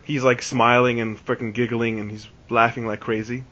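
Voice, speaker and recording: Flat in delivery and sharp in tone, this mid-range male voice speaks at a normal speed. He's a podcast host in his twenties rambling through a long casual story, restarting repeatedly and saying "like" a lot. The lo-fi recording sounds dull.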